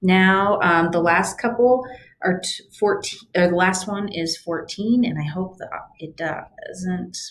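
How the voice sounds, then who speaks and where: A woman's voice: lowish voice, slow, a little hiss or hum. A woman German teacher walking students through homework on a screen recording, chatty and patient, explaining step by step.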